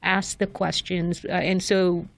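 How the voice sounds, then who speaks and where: A woman guest on a podcast, calmly explaining how a job-training program works, with some fillers. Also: on the low side, takes it slowly, vocal fry.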